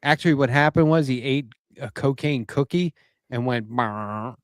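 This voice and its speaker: A man's voice: medium pitch, moderate pace, no echo, studio quality. A man co-hosting a podcast, telling rambling stories in casual chat and swearing casually. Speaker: podcast co-host.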